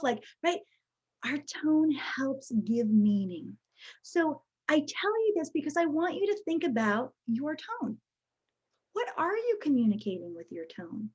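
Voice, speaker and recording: A woman giving a live workshop talk over a video call, teaching in a lively way and often checking in with "right?". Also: sits high, unhurried. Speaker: workshop presenter. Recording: muffled video-call audio.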